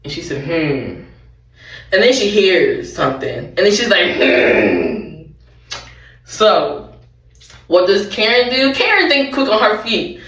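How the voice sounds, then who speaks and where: A young adult woman chats through a show recap, rambling, circling back and tossing in laughing asides. Her pitch sits in the middle for a woman. The recording is roomy and she sounds set back from the mic. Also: sing-song, moderate pace, a bit bright, recorded from a distance. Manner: rambling, chatty, self-correcting, laughing asides. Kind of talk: casual recap chat.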